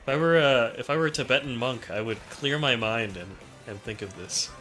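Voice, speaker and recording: A man's voice: medium pitch, a little fast, fairly bright tone, faint music behind. A man in casual comedic chat, rambling through absurd hypotheticals and laughing often.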